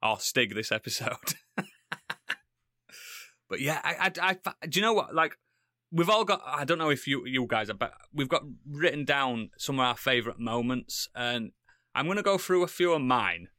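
A man's voice: medium pitch, expressive, normal speed, pushed and bright, no room sound, studio quality. A man co-hosting a podcast, telling stories in casual banter, often laughing and swearing. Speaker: podcast co-host.

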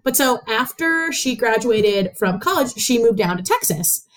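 A woman from the US Midwest with a Chicago-tinged Midwestern accent and a slightly nasal voice, telling stories in an animated, laughing way on a podcast. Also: a little high, a little slow. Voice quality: a little nasal. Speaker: interviewer, host's sister. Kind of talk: casual podcast storytelling.

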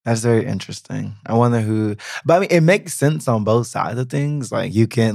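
A man's voice: medium pitch, animated, brisk, gravelly, hardly any pauses, darkish tone, dry recording, clean studio sound. A man co-hosting a podcast in casual chat, teasing and laughing often. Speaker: podcast co-host.

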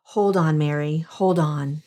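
A man's voice: fairly high pitch, takes it slowly, a little mellow. A woman voicing a desperate young husband in a storybook reading, pleading urgently for shelter. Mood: reassuring.

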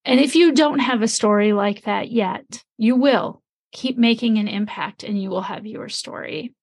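A middle-aged woman co-hosting a podcast, telling a story and acting out her own thoughts in a lively way. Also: a little high, moderate pace. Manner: animated storyteller, acts out her own inner voice. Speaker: podcast co-host. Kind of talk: storytelling to a co-host.

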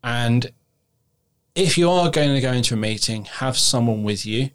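A man hosting a podcast conversation, calm, earnest and plain-spoken. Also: medium pitch, normal speed, clean tone. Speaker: podcast host.

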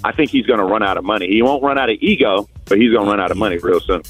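A man's voice: lowish voice, rapid-fire, husky, soft background music, low-quality recording. A man giving casual political commentary as a guest, confident, with frequent restarts.

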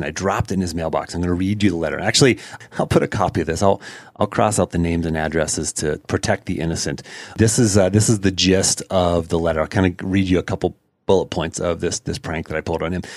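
A man's voice: deep voice, dry recording, studio quality. A man hosting a podcast, telling a story in a chatty way with fillers and laughing as he goes. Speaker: podcast host. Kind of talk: casual storytelling monologue.

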